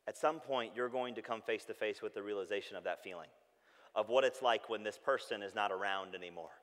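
A pastor delivers a sermon, his voice at an ordinary middle pitch. He tells a story with animated energy and reflects in a softer, quieter tone. Long hall reverb trails behind each phrase. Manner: animated storytelling, shouting when acting out calls; drops to a soft, hushed tone when reflective.

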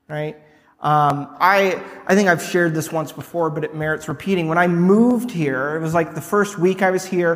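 A man preaching a sermon to his congregation in a loose, conversational way. He fills his talk with "like" and "right?". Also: a little high. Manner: casual, rambling, full of "like" and "right?". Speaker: pastor. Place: church hall with a congregation. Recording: long reverb of a church hall.

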